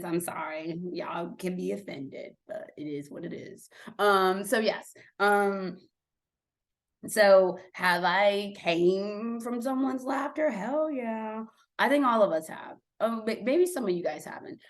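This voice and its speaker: An American woman hosting a casual monologue, chatty and blunt, swearing freely and dropping from loud remarks to hushed asides. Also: medium pitch, normal speed. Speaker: host.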